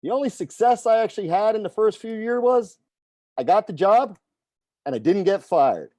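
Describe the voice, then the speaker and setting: A man's voice: sits high, lively intonation, moderate pace, dark tone, no room sound. A middle-aged man, a fitness coach, telling a personal story in a conversational way and often tagging sentences with "right?" and "okay?". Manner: conversational, frequent tag questions.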